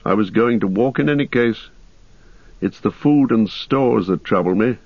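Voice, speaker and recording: Man reading as a grim, measured ranger. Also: husky, no echo. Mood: thoughtful. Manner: low, calm and measured. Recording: dull lo-fi dry recording.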